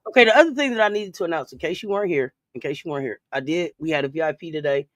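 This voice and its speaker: A man's voice: fairly high pitch, very fast, fairly bright tone, no echo. A man hosting a casual sports talk stream, playful and repetitive, laughing often. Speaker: podcast host.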